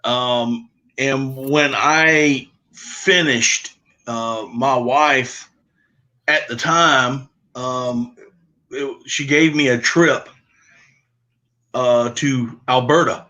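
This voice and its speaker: A man's voice: medium pitch, fairly even intonation, very slow, bright, forceful tone. A middle-aged man with a Southern US accent, telling hunting stories in an easygoing, rambling way on a casual outdoors livestream. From Southern United States. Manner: easygoing, rambling storyteller with many fillers. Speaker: podcast host.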